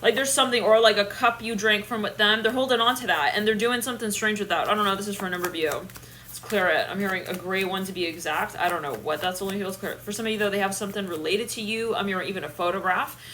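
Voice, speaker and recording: A young woman giving a live tarot reading, animated and thinking aloud, with bursts of laughter and swearing. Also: mid-range voice, fast, a little hiss or hum. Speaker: tarot reader.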